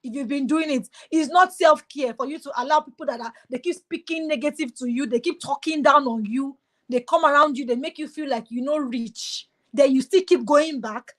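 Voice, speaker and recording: A woman's voice: high voice, normal speed, a bit bright. A woman giving a motivational webinar talk, emphatic and exhorting, often repeating her key phrases. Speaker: motivational speaker.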